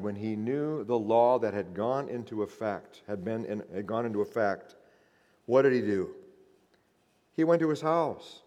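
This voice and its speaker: A male pastor preaches with fervent emphasis and calls his listeners beloved. His voice sits at a middle pitch and carries a long reverb, as if filling a large hall. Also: a little mellow, lo-fi sound. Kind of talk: sermon.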